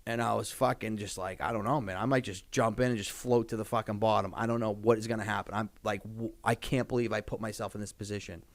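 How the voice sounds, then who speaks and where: A man in his thirties with a gravelly, fry-edged voice. He tells his stories casually and animatedly on a podcast, swearing freely and slipping into other people's voices. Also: lowish voice, steady tone, quick pace, few pauses. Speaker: podcast guest. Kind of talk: casual storytelling.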